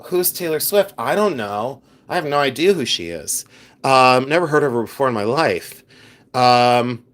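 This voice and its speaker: A man's voice: a little high, a bit bright. A man hosting a casual live stream, talking straight to his viewers in a rambling way with many fillers and restarts. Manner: chatty, addresses viewers directly. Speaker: live stream host and reseller.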